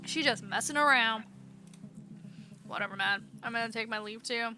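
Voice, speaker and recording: A woman's voice: on the high side, moderate pace, music in the background. A woman streamer reading a game's dialogue aloud in her own casual voice, adding light commentary as she plays. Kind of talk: reading game dialogue aloud while playing. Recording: steady background noise.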